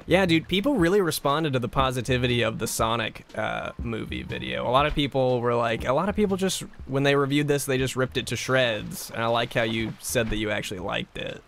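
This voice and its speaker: A man's voice: mid-range voice, fairly quick, few pauses, fairly bright tone, a little hiss or hum. A man casually chatting on a livestream, rambling and self-deprecating as he reads and answers chat. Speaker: streamer.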